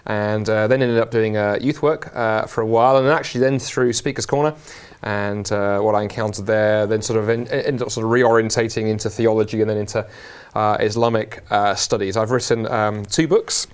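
A man with a South London accent, speaking as an interview guest in a lively, joking way with many fillers. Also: fairly low pitch, moderate pace, clean tone. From England. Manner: animated, jokey, many fillers. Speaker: guest, Christian scholar. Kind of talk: conversational interview.

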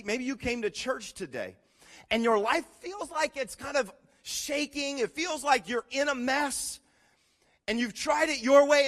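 A very high-pitched pastor addresses his congregation, shifting from hushed, sincere moments to loud, dramatic stories and direct appeals.

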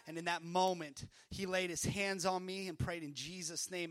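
A man from Canada preaching a sermon at a church service, impassioned, moving between loud declarations and hushed storytelling. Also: sits high, fairly even intonation, normal speed, few pauses, no echo, a faint crowd.

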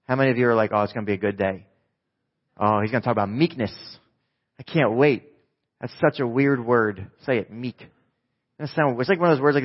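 Joking pastor from new jersey. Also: male voice, medium pitch, muffled recording. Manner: conversational, joking, asks the crowd questions. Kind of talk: sermon.

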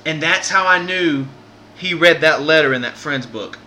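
A man chats on his podcast and tells a heartfelt story in an easy, rambling way. His voice is very bright and a little high. He sounds earnest and often stops to restart a sentence. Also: normal speed, slight background noise. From Southern United States. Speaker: podcast host.

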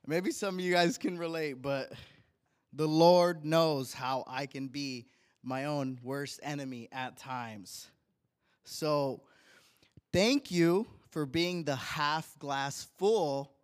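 A young man in church reading a heartfelt tribute to his wife from his notes, earnest and deliberate. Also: on the high side. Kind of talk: read tribute speech in church.

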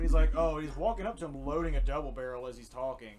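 Profane, animated man in casual chat. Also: a little high, fast, a crowd in the background. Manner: profane, animated retelling with quoted voices. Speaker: podcast co-host.

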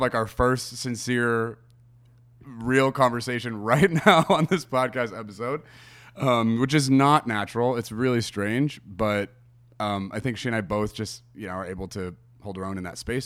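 A man's voice: medium pitch, a bit bright. A man hosting his own podcast, chatting casually and meandering as he talks to his listeners before an interview. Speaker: podcast host.

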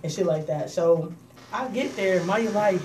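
Profane animated woman storyteller, off-mic. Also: medium pitch, normal speed. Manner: animated, profane, acts out voices in quotes. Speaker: co-host telling a story. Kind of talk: casual storytelling chat. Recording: distant mic with faint noise.

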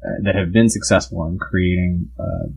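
A young man talking casually as a podcast guest, halting, with lots of fillers and restarts. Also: deep voice, steady tone, creaky, darkish tone, breathy edge, low-quality recording. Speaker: guest artist and builder.

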